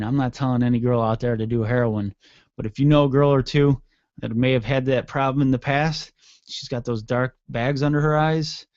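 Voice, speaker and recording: A man's voice: medium pitch, dry recording, highs cut off. A man hosting an internet radio show, rambling and cursing sarcastically in a casual solo rant.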